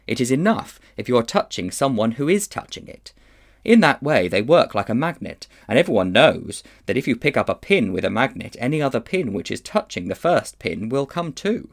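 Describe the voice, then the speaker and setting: A man reading a children's novel aloud in an expressive storytelling manner. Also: medium pitch, moderate pace. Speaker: children's book reader.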